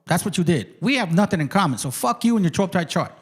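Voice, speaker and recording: Brief: profane, swaggering male host, higher-pitched voice, arguing hard on a stream and reading text aloud. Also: big pitch swings, quick pace, husky. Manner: claims he talks like this without getting mad. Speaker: channel host. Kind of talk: heated livestream argument, reading passages aloud.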